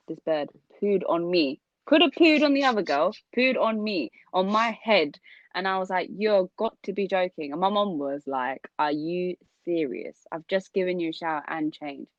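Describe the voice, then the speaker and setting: Young woman co-host, lower voice, lively storyteller, dry recording. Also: no room sound, dull audio. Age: young adult. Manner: animated storyteller, laughs often. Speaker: podcast co-host. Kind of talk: casual storytelling chat.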